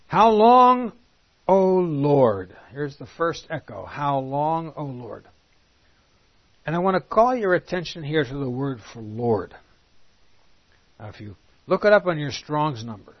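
Speaking in a slightly rough, mid-range voice, this man reads King James scripture to his Bible study class and then unpacks its meaning. On the quoted verses he grows emphatic and his voice climbs. The audio is a dull, lo-fi classroom capture.

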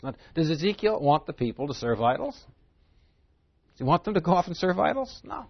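A man's voice: fairly high pitch, big pitch swings, normal speed, gravelly, slightly rough, dry recording, lo-fi sound. A man giving a Bible teaching sermon. He reads scripture aloud, explains it plainly and poses rhetorical questions in a conversational way. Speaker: preacher.

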